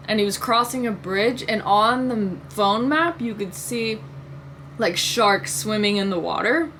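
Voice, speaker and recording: A young woman talks straight to her audience in a loose, rambling way, her sentences threaded with "like" and the odd swear word. Her voice sits at a middle pitch for a woman. A faint hum of ambience runs underneath the recording. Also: unhurried, fairly bright tone. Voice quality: frequent "like" fillers, swears casually. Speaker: vlogger. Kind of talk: casual storytelling monologue.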